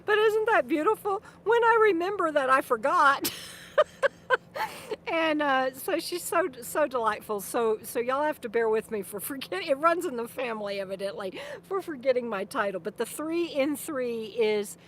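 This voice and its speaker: A woman's voice: sits high, expressive, normal speed, slight background noise. Rambling older woman chatting on a live stream. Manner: rambling, meandering, with many restarts and laughs; speaks to her dog between remarks. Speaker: vlogger and author. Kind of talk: casual live-stream chat.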